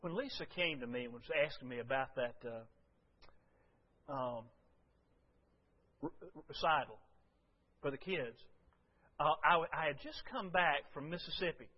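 A man preaching a folksy, storytelling sermon to his congregation, swinging from loud to hushed. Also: on the high side, unhurried, long pauses, highs cut off. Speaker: pastor.

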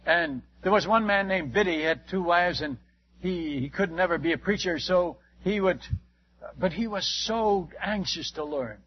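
An older man, a missionary preacher, telling stories in a sermon, animated and acting out the dialogue with frequent restarts. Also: high voice, normal speed, breathy edge, dull audio. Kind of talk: sermon storytelling.

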